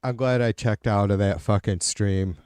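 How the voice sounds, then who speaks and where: A middle-aged man hosts a livestream and swears freely as he rambles through answers to his chat. His voice sits fairly low, with a warm, mellow tone. The sound is dry and close. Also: steady tone, normal speed, clear, resonant tone, no echo. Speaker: livestream host. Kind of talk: casual chat with viewers.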